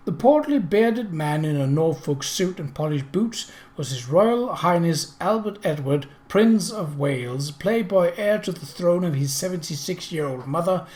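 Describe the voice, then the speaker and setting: A man reading a mystery novel aloud, with measured storytelling narration. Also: on the high side.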